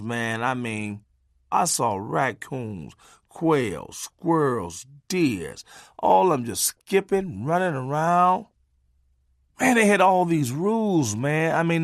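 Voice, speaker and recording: Brief: male comic narrator, loose street-talk delivery, higher-pitched voice, dead-dry studio read. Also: a bit bright, no echo. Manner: casual, street-talk, punctuated by "man". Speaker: comedian reading his memoir. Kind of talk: profane comic storytelling.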